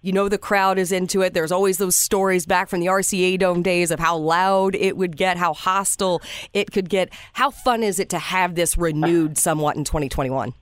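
A woman's voice: lowish voice, steady tone, brisk, no echo. A woman hosting a sports radio show, asking long, flowing questions.

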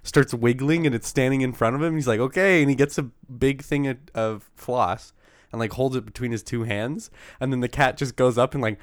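A man co-hosting a casual podcast chat, telling stories with animated laughter and casual swearing. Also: medium pitch, normal speed, no room sound, studio quality.

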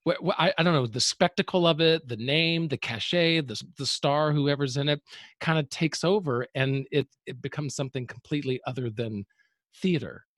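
Relaxed male host, dry sound. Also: a little high, dry recording. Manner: relaxed, halting, searching for words. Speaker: interview host. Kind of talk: casual interview talk.

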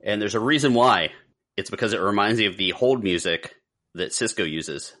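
A man with a deep voice and a bright, forward tone, chatting casually as a podcast co-host. He jokes around and imitates sounds as he talks. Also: moderate pace. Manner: playful, chatty, mimics sounds. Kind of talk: casual chat.

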